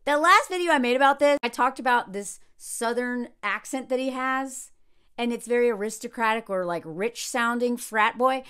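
A woman's voice: a little high, normal speed, fairly bright tone, clear, resonant tone. A woman from the American South giving blunt, sarcastic commentary on a reality TV show and laughing often. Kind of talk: casual reaction commentary.

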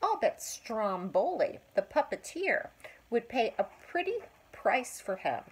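A woman's voice: fairly high pitch, very animated, takes it slowly, breathy edge, heavily acted, rough recording. An older woman voicing a sly, sneering male fox in a storybook, talking in a scheming way.

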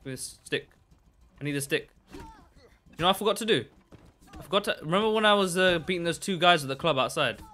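A young man giving chatty live commentary while playing a game, excitable and bursting into shouts. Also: on the high side, a little fast, pauses often. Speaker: live streamer.

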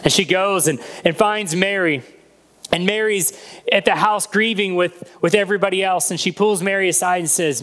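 A man's voice: sits high, moderate pace, a bit bright. A man preaching a sermon as a pastor, retelling a Bible story and acting out the voices in it.

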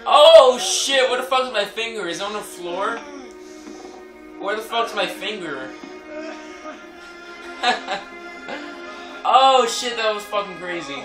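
A man commentating on gameplay, cursing loudly and laughing with frequent outbursts. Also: sits high, expressive, slow, long pauses, recorded from a distance. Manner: profane, loud outbursts, laughing. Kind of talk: let's play commentary. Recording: echoey room, game music behind.

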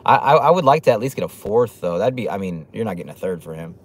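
Animated and quick, a man with a lowish voice hosts a casual livestream and reads chat comments out loud. His talk is loose and profane, full of fillers and restarts, and he laughs a lot.

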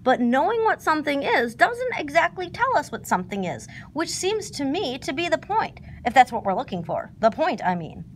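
A woman's voice: high voice, very animated, normal speed, hardly any pauses, slight background noise, pitched above the performer's own voice. A woman voicing a gloomy old storybook donkey who rambles in roundabout sentences. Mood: rambling.

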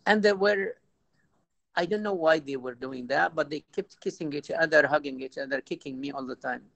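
Gravelly-voiced priest, halting delivery. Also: male voice, a little high, fairly bright tone, no room sound, low-quality recording. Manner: halting, repeats words, tells anecdotes. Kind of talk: informal talk to a youth audience.

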